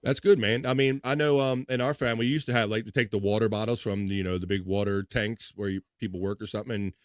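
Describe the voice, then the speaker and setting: A man's voice: fairly low pitch, fairly even intonation, fast talker, no echo. A man co-hosting a casual live stream, laughing often and reading viewer comments aloud. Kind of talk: casual banter.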